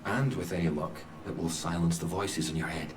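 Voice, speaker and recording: A man voicing a deep, cryptic game scientist. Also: far from the mic, lightly acted. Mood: measured. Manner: calm, measured, secretive. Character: cryptic male scientist sending the player on a task. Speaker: game character. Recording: echoey game audio, set back from the mic.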